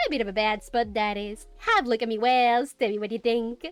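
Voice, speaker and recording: A woman's voice: on the high side, brisk, no room sound, faint music behind, lightly acted. A woman voicing a male spider-like merchant creature with an Australian accent and folksy sales patter. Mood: chummy.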